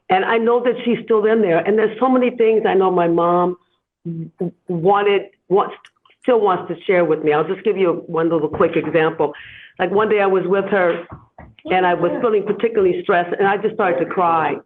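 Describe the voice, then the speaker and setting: A woman guest and caregiver, speaking slowly and reflectively in a heartfelt podcast conversation over a remote call. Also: medium pitch. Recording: tinny phone-like line.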